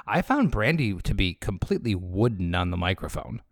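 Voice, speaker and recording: A man's voice: deep voice, sing-song, moderate pace, no room sound, studio quality. A man co-hosting a podcast, giving blunt, short replies with stammered starts. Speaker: podcast co-host. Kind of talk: casual chat.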